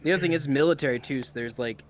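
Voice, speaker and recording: A man's voice: medium pitch, very fast, a little hiss or hum. A man in casual podcast chat, telling stories in a laid-back, profane way. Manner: profane, laid-back storytelling with frequent swearing.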